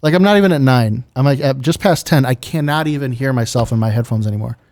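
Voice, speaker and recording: A man co-hosts a podcast with a mid-pitched voice, chatting in a loose, rambling way. He fills his talk with "like" and restarts as he thinks aloud. He is close to a studio microphone. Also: fast, a little mellow. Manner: chatty, rambling, filler-heavy. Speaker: podcast co-host. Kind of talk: casual chat. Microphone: studio podcast mic with headphones.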